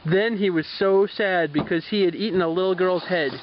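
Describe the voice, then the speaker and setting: A man's voice: sits high, normal speed, a little hiss or hum. An adult man narrating an improvised story with easygoing, playful delivery, taking turns with a child. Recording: dull lo-fi home recording.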